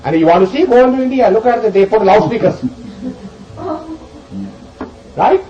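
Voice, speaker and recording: A man teaching a group as he explains scripture verses, animated and emphatic, swinging between loud questions and soft asides. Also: high-pitched, normal speed, reverberant, highs cut off, a little hiss or hum. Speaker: spiritual teacher.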